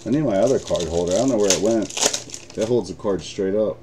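Swearing, excitable card break host. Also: male voice, fairly low pitch, fast, noisy background. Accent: American. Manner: excitable, swears freely, laughs often. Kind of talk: live-streamed card break chat.

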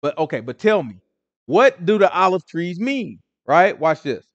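Animated, casual male Bible teacher. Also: high-pitched, moderate pace, no room sound, muffled recording. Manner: animated, slangy, keeps asking listeners "right?". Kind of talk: conversational Bible study teaching.

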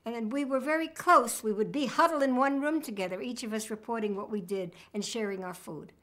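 A woman's voice: on the high side, a little fast, fairly bright tone. A woman, reminiscing in an oral history interview with a wry sense of humor. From United States.

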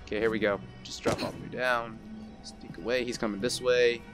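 A man's voice: steady tone, a little fast, fairly bright tone, faint music behind. A man giving casual, profane commentary while playing a video game, joking around and putting on silly voices. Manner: playful, goofy and profane, breaks into silly high put-on voices. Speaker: video game let's player.

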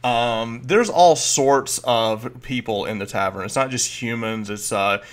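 A man's voice: mid-range voice, measured pace. A man narrating as game master, describing scenes loosely with many fillers.

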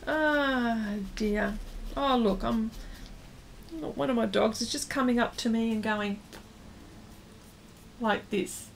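A woman's voice: on the high side, gravelly, a little hiss or hum. A woman artist hosting a livestream, chatting casually with viewers while she paints and answering their comments. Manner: talks slowly while working, trails off into fillers.

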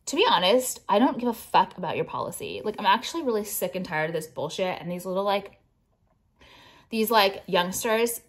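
A young woman talks straight to her viewers in a loose, unscripted vlog. She swears freely, rants bluntly and fills pauses with "um" and "like", and her pitch sits in an ordinary middle range. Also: animated. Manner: profane, blunt, ranting with frequent fillers. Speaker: jewelry designer and vlogger. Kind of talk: casual ranting vlog.

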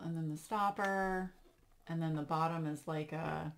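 A woman's voice: low voice, fairly even intonation, unhurried. A woman, hosting a craft channel and gushing over gifts she unboxes for viewers, with frequent gasps. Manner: gushing, lots of gasps and exclamations.

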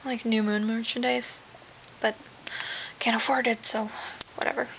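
Her webcam picks up a young woman rambling from her bed at home in a casual vlog full of fillers and trailing-off asides. She speaks a little slowly in a slightly high, bright, creaky voice with little pitch movement, over a rough recording with some hiss or hum.

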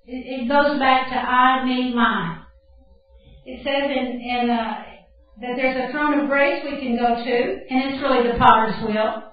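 An older woman with a fairly high voice gives a down-home teaching talk, chatty and quick to laugh at herself. She is heard from a distance in a very echoey hall, and the sound is dull and muffled. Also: fairly even intonation. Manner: folksy, chatty, laughs at her own stories. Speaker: Bible camp speaker. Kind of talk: teaching talk mixed with personal stories.

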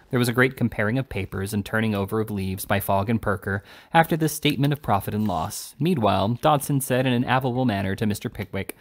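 A man reading a classic novel aloud in steady, even narration. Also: fairly low pitch, quick pace, few pauses. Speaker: audiobook reader.

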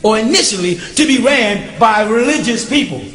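High-voiced man teaching an emphatic class. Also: animated, normal speed, a bit bright, roomy sound. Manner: emphatic, often checks with the audience. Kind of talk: recorded question-and-answer class.

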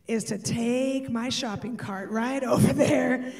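A woman performing a stand-up comedy set, animated and switching between voices. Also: a little high, slow pace, gravelly, distant mic. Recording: live stage, off-mic, audience laughter.

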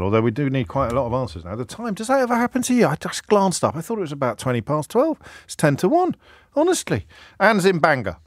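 A man's voice: on the low side, no room sound. A man hosting a radio phone-in, bantering and teasing callers in a playful, jokey way. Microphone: studio microphone.

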